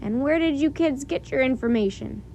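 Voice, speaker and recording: A woman's voice: high voice, normal speed, a little mellow, muffled recording, slight background noise. A woman doing a jolly, kindly policeman. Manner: kindly, dismissive reassurance.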